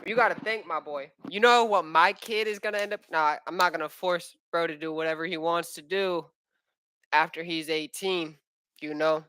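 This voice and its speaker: Young man with a bright, slangy ramble. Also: on the high side, fairly even intonation, normal speed, smooth, no room sound, low-quality recording. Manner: slangy, profane, rambling with many fillers. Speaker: aspiring MMA fighter streaming. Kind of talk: casual livestream chat. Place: at home with his young son.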